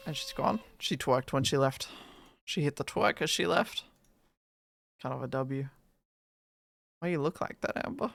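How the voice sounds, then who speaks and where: Low, gravelly woman streamer. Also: a little slow, pauses often, no echo. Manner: playful, teasing, goofy. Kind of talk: casual live-stream chat.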